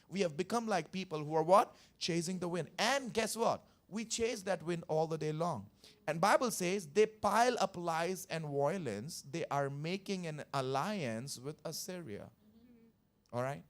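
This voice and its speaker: A man preaching a Sunday sermon as pastor, repeating phrases and putting questions to the congregation. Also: a little high. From India. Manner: emphatic, repetitive, questions the congregation. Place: church service.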